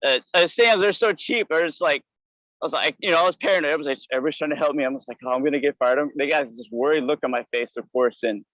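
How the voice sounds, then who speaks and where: A man on a headset call rattles through a wild anecdote at a rapid clip, his voice sitting a little high for a man. The sound is close and dry, with no room around it. He tells it loosely and excitably, full of quoted asides. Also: no echo, dull audio. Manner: fast, excitable anecdote telling. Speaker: caller. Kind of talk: casual storytelling on a live call.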